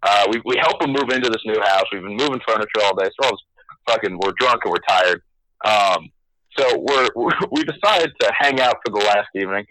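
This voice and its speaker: A man's voice: on the low side, animated, fairly quick, sharp tone, no room sound, poor audio. A young man telling a story on a casual podcast chat, swearing a lot and laughing as he goes. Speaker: podcast co-host.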